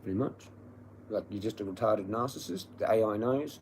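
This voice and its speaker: A man's voice: fairly low pitch, brisk, darkish tone, slight background noise. A man ranting angrily and profanely on a livestream, repeating himself. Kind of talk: angry livestream rant.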